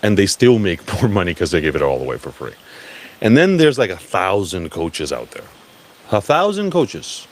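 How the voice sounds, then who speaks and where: Blunt, profane man with a lowish voice. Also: big pitch swings, moderate pace. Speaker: speaker at a crypto event. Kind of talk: live talk.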